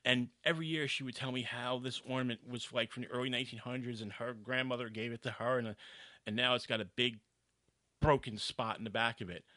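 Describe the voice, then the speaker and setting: A man from New York tells a story in casual chat, animated and full of asides. His voice is bright and forceful, and the sound is dry and close with no room in it. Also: medium pitch, brisk, no echo. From New York, USA.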